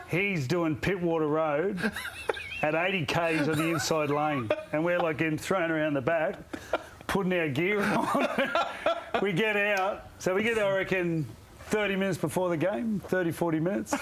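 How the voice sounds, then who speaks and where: A man's voice: on the high side, a bit bright, a little hiss or hum. A man with an Australian accent, co-hosting a sports show and telling rambling stories with chuckles. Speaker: co-host. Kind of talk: casual storytelling.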